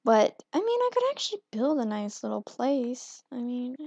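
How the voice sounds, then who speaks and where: A woman's voice: a little high, sing-song, moderate pace, darkish tone, slightly rough, no room sound. A young woman giving casual gameplay commentary as a channel host, rambling, swearing freely and joking at her own expense. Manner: profane, rambling, self-mocking. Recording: muffled lo-fi home recording.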